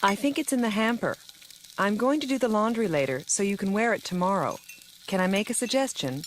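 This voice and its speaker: A woman playing a calm busy mom. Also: mid-range voice, brisk, slight background noise, natural voice. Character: busy practical mom, middle-aged. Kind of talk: scripted textbook dialogue.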